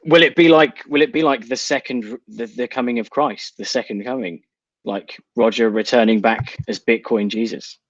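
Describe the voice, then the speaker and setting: A man's voice: medium pitch, normal speed, dry recording, lo-fi sound. A man with a British accent co-hosting a live show, teasing and joking over a remote line. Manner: playful, teasing. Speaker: co-host. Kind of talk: casual live show chat.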